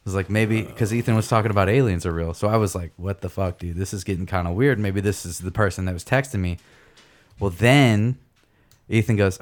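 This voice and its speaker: A young man co-hosting a podcast, telling a story in a casual, profane, animated way. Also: low-pitched, fairly quick. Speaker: podcast co-host.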